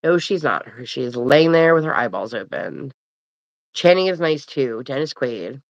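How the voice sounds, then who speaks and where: Sleepy, chatty low-voiced woman streaming. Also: very animated, moderate pace, dry recording. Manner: rambling, chatty, yawning, self-deprecating. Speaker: livestream host. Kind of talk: casual live stream chat. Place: at home. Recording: dull, dry home mic.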